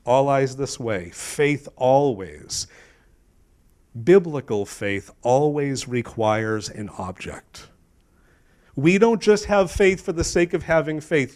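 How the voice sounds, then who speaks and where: A middle-aged male pastor preaching a sermon in a church, emphatic, questioning his congregation and swinging between loud and hushed. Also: medium pitch, clear, resonant tone. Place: church sanctuary.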